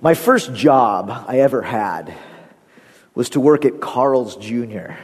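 A man's voice: mid-range voice, expressive, slow pace, breathy edge. A man preaching a sermon as pastor, telling stories animatedly and laughing often. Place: church sanctuary. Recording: long reverb of a church hall.

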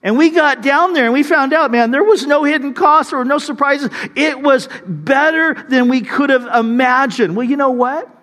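High-voiced male pastor preaching in a hall. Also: normal speed, few pauses. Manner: conversational preaching with many asides, swelling louder at high points. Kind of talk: sermon.

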